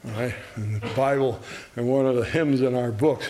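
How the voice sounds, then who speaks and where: A man teaching an adult Bible class, who builds to loud, repeated exclamations and chuckles between points. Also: mid-range voice, steady tone, moderate pace.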